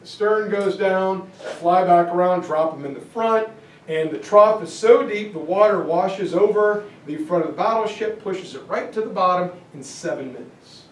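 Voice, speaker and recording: A man giving a history lecture as lively storytelling, acting out quoted voices and joking asides. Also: high voice, moderate pace, a little hiss or hum. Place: classroom or lecture hall. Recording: echoey room, mic far off, faint ambience.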